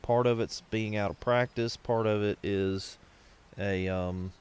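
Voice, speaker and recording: Male game streamer, unhurried, rambling and joking, slightly foggy-headed. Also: on the low side, fairly even intonation, darkish tone, smooth. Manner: folksy, rambling, sings snatches and laughs at own jokes. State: foggy after illness. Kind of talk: live game stream chat.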